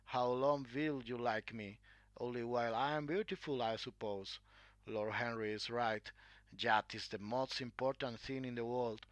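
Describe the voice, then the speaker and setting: A man's voice: medium pitch, fairly even intonation, measured pace, a bit bright, no room sound, lightly acted. A man voicing a vain, anguished young man who pleads anxiously in a read-aloud story. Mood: pleading.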